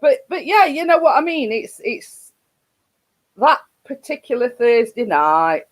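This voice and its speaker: Yorkshire lady chatting on her live stream, slow and rambly, keeps laughing. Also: a little high, very animated, poor audio. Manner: rambling, laughs often, many restarts. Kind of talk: casual live stream chat.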